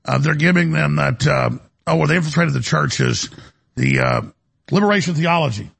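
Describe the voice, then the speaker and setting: Gravelly, raspy-voiced male talk host. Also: fairly high pitch, sing-song, normal speed, fairly bright tone. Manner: intense, storytelling, acts out quotes. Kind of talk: impassioned talk show banter.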